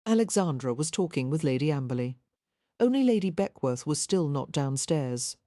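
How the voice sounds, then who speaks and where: A woman reading a historical romance audiobook in a measured, even narration. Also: low voice, no room sound, clean studio sound. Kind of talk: scripted narration.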